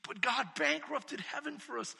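High, bright preacher with a gravelly edge. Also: male voice, expressive, normal speed, in a large hall. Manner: swings from shouted, emphatic preaching to hushed, intimate reflection. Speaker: pastor. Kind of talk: sermon.

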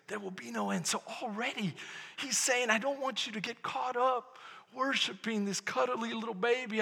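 A man preaching a sermon as pastor, calling for amens and swinging from loud to hushed. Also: very high-pitched, in a large hall.

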